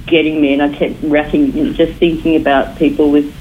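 A woman's voice: low voice, flat delivery, a little fast, phone-quality sound, a little hiss or hum. A woman calling a radio show, chatty and joking, a little sniffly. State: slightly sniffly. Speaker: caller. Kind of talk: phone-in chat.

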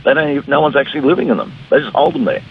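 A middle-aged Australian politician with a mid-range, gravelly, slightly rough voice talks very fast and animatedly as a guest in a radio interview, heard over phone-line audio. He's blunt and combative, even mimicking his opponents.

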